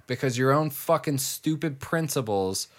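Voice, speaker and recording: A man's voice: mid-range voice, lively intonation, moderate pace. Heated casual man, swearing freely. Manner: heated, swears, many "like" fillers. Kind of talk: casual chat.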